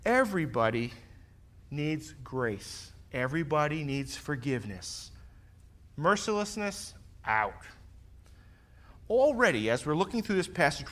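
A middle-aged man, a pastor who is also a fire lieutenant, preaching a sermon full of personal stories and acting out what people said, swinging from loud to soft. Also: a little high, animated, measured pace.

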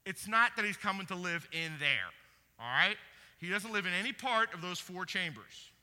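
Animated pastor in a reverberant hall. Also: male voice, high voice. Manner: lively, swings from quiet teaching to loud praise. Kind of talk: sermon with audience quiz. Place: church hall.

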